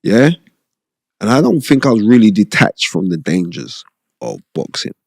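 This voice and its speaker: Middle-aged podcast guest, gravelly and low, animated and rambling. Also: male voice, normal speed, no echo, studio quality. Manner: animated, streetwise, rambling, repeats himself. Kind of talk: casual storytelling interview. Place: podcast studio.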